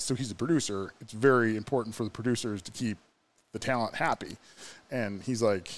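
A man's voice: medium pitch, steady tone, normal speed. Rambling storytelling man from New York. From New York State. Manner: rambling, lots of fillers and laughs. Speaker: podcast guest. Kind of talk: casual storytelling chat.

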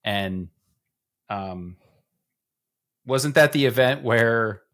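A podcast co-host in a casual group chat, this man is animated and rambling, full of fillers and self-deprecating asides. His voice is medium-pitched and he speaks extremely slowly.

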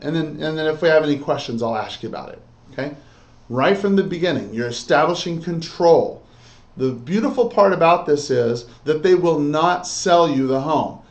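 In an echoey room, a man with a fairly high voice teaches real estate agents, coaching them through a sales script with role-play and frequently checking in with "okay?" and "all right?".

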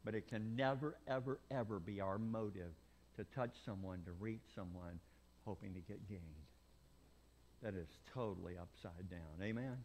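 A male preacher delivering a revival sermon, rising from quiet asides to loud shouted peaks and acting out the people he quotes. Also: moderate pace, a little hiss or hum. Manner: animated preaching, swings from low asides to loud shouted climaxes; acts out quoted people in voices. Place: church sanctuary.

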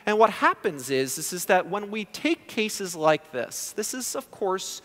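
A male prosthodontist gives a conference talk, his fairly high voice swinging widely as he acts out his patients' words. The delivery is lively and conversational. A long hall reverb trails each phrase. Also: measured pace. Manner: animated, acts out patient quotes. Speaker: guest lecturer, prosthodontist.

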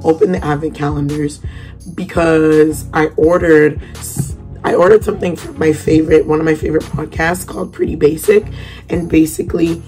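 A woman's voice: deep voice, warm tone. A young woman chatting casually to camera in a vlog at home, rambling with lots of fillers and restarts. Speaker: vlogger. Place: at home, indoors.

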